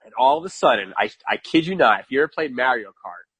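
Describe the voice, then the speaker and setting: A New Yorker guesting on a podcast tells a long, casual story with lively emphasis, often repeating phrases and laughing at his own bad luck. He talks fast in a slightly rough, middle-pitched voice, recorded dry and close with no room sound.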